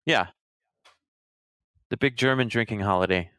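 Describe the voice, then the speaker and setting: A man's voice: on the low side, measured pace, fairly bright tone, smooth, no echo. A man co-hosting a casual gaming podcast, laid-back and jokey, often searching for words. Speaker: podcast co-host. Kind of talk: casual chat about an online game.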